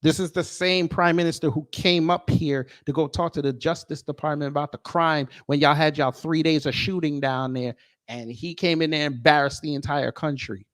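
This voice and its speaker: A man's voice: a little high, steady tone, normal speed, no room sound, studio quality. A man delivering a heated, combative commentary rant, sarcastic and taunting. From United States. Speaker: commentary host.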